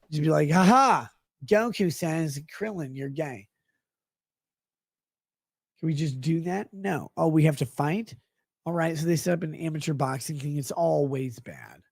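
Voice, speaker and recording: Male streamer, gravelly and husky, sarcastic crude rambling, dry sound. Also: a little high, warm tone, no room sound.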